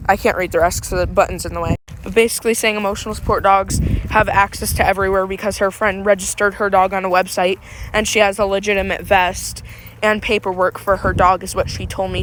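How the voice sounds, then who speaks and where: A woman reading comments aloud and rebutting them indignantly while out walking her dog, out of breath. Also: medium pitch. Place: outdoors on a street walk. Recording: faint street noise, passing cars.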